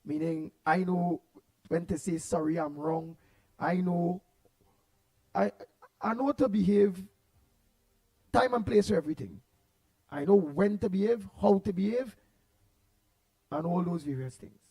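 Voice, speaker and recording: A Trinidadian-accented man hosts a morning call-in radio show, passionately greeting listeners by name and reading their comments aloud. His high-pitched, expressive voice moves at an unhurried pace with frequent pauses, and the recording is rough. He's loud and says he'll lower his voice, trying to hold it down.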